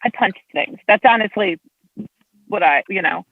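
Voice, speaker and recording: Animated woman guest talking over a tinny call line, gravelly edge. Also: moderate pace, no echo. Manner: animated storyteller, big pitch swings. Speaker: state legislator guest. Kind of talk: casual chat.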